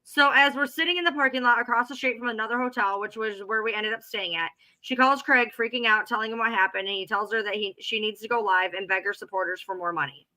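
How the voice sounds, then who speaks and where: Brief: exasperated woman recounting a grievance, very bright tone, fairly high. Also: fast, hardly any pauses, poor audio. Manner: blunt, exasperated. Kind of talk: casual storytelling, giving her side.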